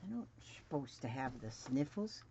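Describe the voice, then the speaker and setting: A woman's voice: very deep voice, big pitch swings, normal speed, warm tone. A woman in her seventies chatting casually and muttering to herself while she sews at home. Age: 70s. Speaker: crafting vlogger. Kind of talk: casual sewing demonstration. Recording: dull lo-fi home recording, faint noise.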